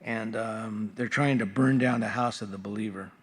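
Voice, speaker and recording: A man's voice: lowish voice, fairly even intonation, moderate pace, slightly rough. A male pastor reading Bible verses aloud and explaining them in a casual, conversational sermon with frequent fillers. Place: church sanctuary.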